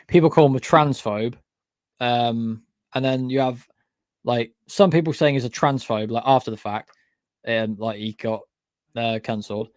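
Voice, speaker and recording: A man's voice: medium pitch, no room sound, studio quality. A young man chatting on a livestream about his channel's history. He rambles, swears often and keeps stopping to say "what do you call it". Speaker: YouTube channel creator. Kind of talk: casual livestream chat.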